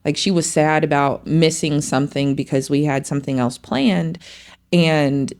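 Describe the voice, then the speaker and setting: A woman's voice: deep voice, normal speed. A middle-aged mother chatting casually on a podcast, acting out her children's lines as she tells family stories. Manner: animated storytelling, acts out her kids' lines. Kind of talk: casual chat.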